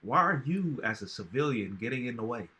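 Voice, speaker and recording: Man, reaction video host, bright forceful voice, emphatic, slangy, casual commentary. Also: mid-range voice, sing-song, fairly quick. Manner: emphatic, repeats himself, slangy.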